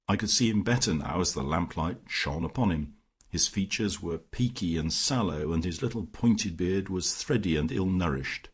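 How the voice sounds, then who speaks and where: A man narrating a classic detective story in the first person, measured and even. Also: deep voice, breathy edge. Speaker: audiobook narrator.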